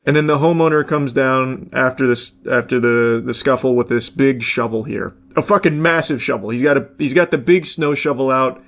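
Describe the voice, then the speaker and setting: A man's voice: mid-range voice, normal speed, few pauses, a bit bright. A man hosting a casual reaction commentary, rambling along with jokey asides and casual swearing. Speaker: host.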